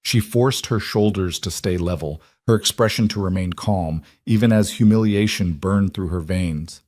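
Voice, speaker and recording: Low-voiced man narrating a western romance. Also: normal speed, a little mellow, no echo, studio quality. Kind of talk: scripted audiobook narration.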